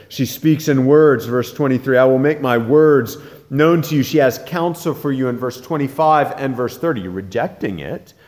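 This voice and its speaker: A male preacher delivers a sermon in an earnest, urgent manner. His voice climbs loud when he presses a point, then drops low and hushed. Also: in a large hall. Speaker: pastor.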